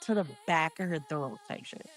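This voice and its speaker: A woman's voice: low-pitched, animated, moderate pace, fairly bright tone, soft background music. A woman co-hosting a book club podcast, retelling a book in a casual, slangy way, full of "like" and laughter.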